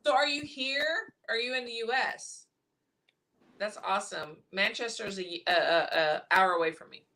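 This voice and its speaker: A woman's voice: medium pitch, moderate pace, bright, forceful tone. A woman hosting a boxing podcast, chatty and giggly in casual panel talk over a video call. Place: hotel room in England, on a video call.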